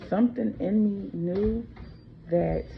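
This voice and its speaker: A woman from the United States speaks slowly with a gravelly, creaky edge, telling her own story straight to camera. Her telling is unscripted and full of fillers. The recording is dull and lo-fi, with a faint hiss behind her. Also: mid-range voice. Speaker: channel host. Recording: dull lo-fi with faint background noise.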